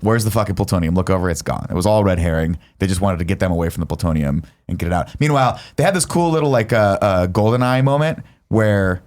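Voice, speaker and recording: A man's voice: sits low, fast talker, hardly any pauses. Man recapping a movie in casual chat. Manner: animated recapping with quoted lines, swearing. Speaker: podcast host.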